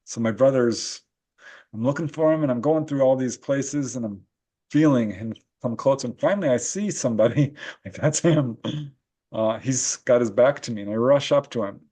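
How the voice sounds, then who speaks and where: A man as a podcast guest who recounts his own experiences in an animated, laughing storytelling manner. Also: medium pitch, moderate pace. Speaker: guest, paranormal researcher and author. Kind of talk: casual interview storytelling.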